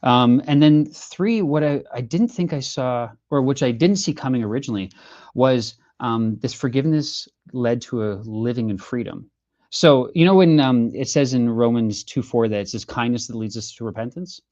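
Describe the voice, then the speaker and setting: A man's voice: medium pitch, moderate pace, darkish tone, highs cut off. A man, a singer-songwriter guest in a casual interview, telling his story earnestly with lots of fillers and restarts.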